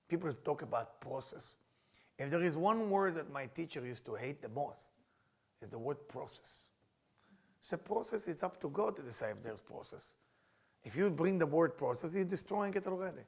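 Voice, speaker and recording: A middle-aged man teaching a spiritual class in non-native English phrasing, animated and acting out the people he quotes. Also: on the high side, vocal fry. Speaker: Kabbalah teacher.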